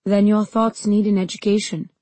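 A woman's voice: medium pitch, level tone, mellow, no echo, lightly acted. A woman reading a dry, mocking male ruler. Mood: condescending. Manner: dry, measured and condescending. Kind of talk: audiobook character reading.

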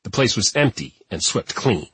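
A man reading an audiobook narration in a steady, even manner. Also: on the low side, moderate pace, slightly rough, no echo. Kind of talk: scripted narration.

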